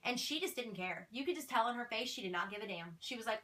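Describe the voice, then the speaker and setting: Bright-voiced woman recapping casually. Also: fairly high pitch, fast, few pauses, slight background noise. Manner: chatty and animated, retelling scenes with quoted dialogue. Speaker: video host recapping a TV episode. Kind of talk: casual commentary vlog.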